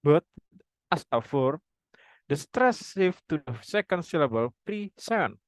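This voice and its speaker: A young man reading a prepared phonology presentation aloud, formal wording with halting restarts. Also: fairly high pitch, animated, no echo, low-quality recording. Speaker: student presenter.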